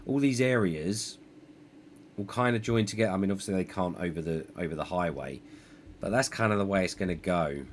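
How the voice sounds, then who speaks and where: A man's voice: low-pitched, sing-song, normal speed, a little hiss or hum. A man streaming a city-building game, thinking aloud in a rambling, self-deprecating way. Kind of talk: live gameplay commentary.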